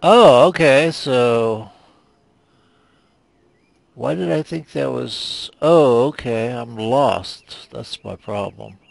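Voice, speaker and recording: A man's voice: medium pitch, drawn-out words, gravelly, no echo. A man casually commenting on a video game as he plays, rambling and self-deprecating, often muttering to himself. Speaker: gameplay commentator. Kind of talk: casual let's play commentary.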